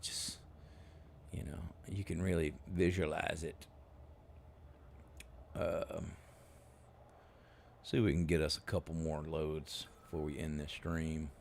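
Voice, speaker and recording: A man's voice: rumbling low, level tone, slow pace, vocal fry, long pauses, a little hiss or hum. A man casually chatting on a live stream while he plays, rambling along with plenty of fillers. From United States. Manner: rambling, laid-back, many fillers. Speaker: game streamer.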